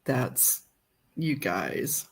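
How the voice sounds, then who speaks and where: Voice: mid-range voice, very animated, very slow, creaky, husky. A livestream host in casual chat, thinking aloud while fumbling with files on a computer.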